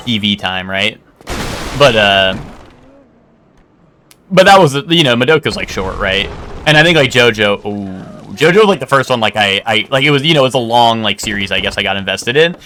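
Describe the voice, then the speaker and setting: Young male streamer with a bright, forward voice, loose rambling chat, lots of fillers and casual cursing. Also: on the low side, a little hiss or hum. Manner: rambling, many "like" fillers and restarts; swears casually. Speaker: game streamer.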